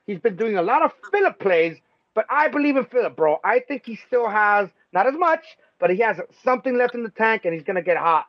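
Talking briskly, a high-voiced man from Mexico hosts a laid-back sports podcast, swearing often, laughing frequently and staying loose and excitable. His recording sounds dry and a bit dull, lo-fi like something made at home, without echo.

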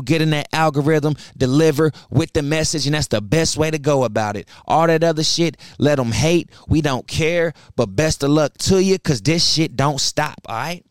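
A fired-up young man rants on his own podcast, blunt, profane and preachy. His voice sits a bit high for a man and sounds smooth and resonant. The sound is close and dry, with no room in it. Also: dry recording. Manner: heated, fired up. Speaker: podcast host. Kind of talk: ranting solo podcast talk.

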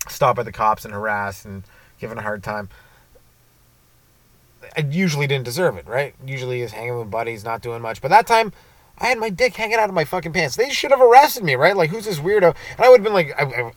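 A young man hosting his own comedy podcast, rambling through profane stories and rants with sudden loud bursts. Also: mid-range voice, lively intonation, fast, no room sound. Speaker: stand-up comedian and podcast host.

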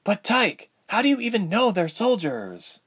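Timid young woman, played by a male narrator: high, fretful, whispery and worried. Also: huge pitch swings, unhurried, fairly bright tone, breathy edge, exaggerated voice. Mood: frightened.

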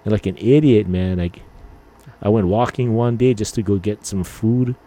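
A man's voice: on the low side, moderate pace, dark tone. A man in his fifties hosting a podcast, chatting casually and rambling with mild swearing and lots of filler words. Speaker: podcast host.

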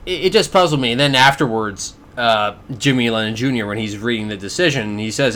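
A man's voice: medium pitch, a little fast, few pauses, a bit bright. Exasperated man ranting about boxing. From Canada. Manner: exasperated, sarcastic, stammers and repeats words. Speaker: podcast host. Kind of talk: casual boxing review.

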